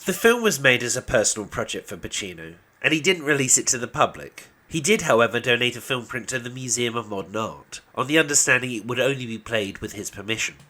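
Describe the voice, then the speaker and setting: A man's voice: mid-range voice, expressive, fast talker, hardly any pauses, bright, forceful tone. A man with an English accent giving dry, wry scripted narration for a video essay. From England.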